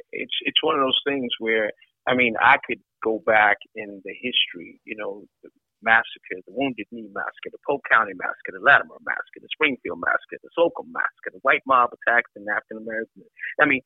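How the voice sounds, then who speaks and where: An older man, speaking as an interview guest, talks fairly quickly in a mid-range voice, reflective and emphatic as he stacks up repeated lists to hammer home his points. The line is dry and tinny, like a phone, with no room sound.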